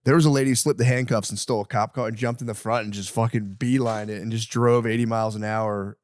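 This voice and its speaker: A man's voice: fairly low pitch, fairly even intonation, fast talker, a little mellow, dry recording, clean studio sound. Laughing man telling stories on a podcast. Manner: laughs often, acts out quoted voices while retelling. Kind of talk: casual chat.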